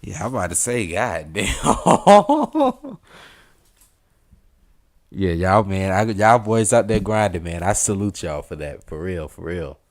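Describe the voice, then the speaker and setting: Deep-voiced Southern man chatting on stream. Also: moderate pace, hardly any pauses. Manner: relaxed, rambling, with slang and fillers. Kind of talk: casual live-stream chat.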